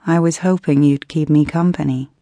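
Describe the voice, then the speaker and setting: Smug, towering male athlete , read by a woman, deep voice, slow teasing drawl, warm tone, dry studio sound. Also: fairly even intonation, no echo. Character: smug, overconfident tall male soccer star.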